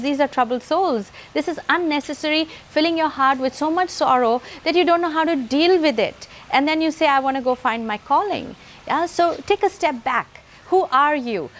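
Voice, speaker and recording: A woman speaks in a motivational talk, her voice sitting high. She drives each point home with emphatic lists of repeated phrases.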